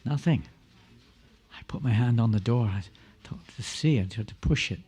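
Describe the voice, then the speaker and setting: An older man from England with an English accent, telling an animated, self-mocking story to an audience. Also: lowish voice, a little fast, breathy edge. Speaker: guest speaker.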